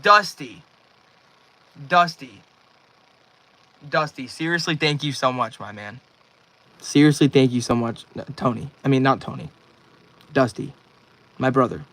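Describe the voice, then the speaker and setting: A man's voice: medium pitch, a little slow, long pauses, sharp tone. A nineteen-year-old man livestreaming from his bedroom, rambling casually and thanking viewers by name as he reads out chat.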